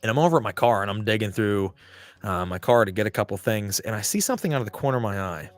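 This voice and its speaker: A man's voice: fairly low pitch, expressive, fast, soft background music. A man hosting a podcast, telling a story in casual, profane talk and acting out the people he quotes in raised voices. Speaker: podcast host.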